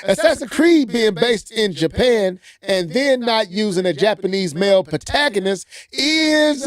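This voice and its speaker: A man's voice: high voice, big pitch swings, unhurried, few pauses. A man co-hosting a casual gaming podcast, reading an article aloud and breaking off with playful asides. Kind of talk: casual gaming news chat.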